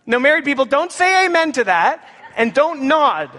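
A man preaching a sermon, with animated, playful asides to the congregation. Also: very high voice, moderate pace. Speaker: pastor. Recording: echoey hall with long reverb.

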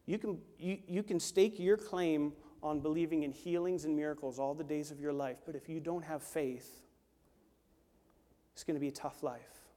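A man preaching a sermon, swinging from hushed, intimate lines to loud, urgent ones. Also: on the high side, fairly even intonation, normal speed, in a large hall. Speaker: pastor. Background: worship team instruments.

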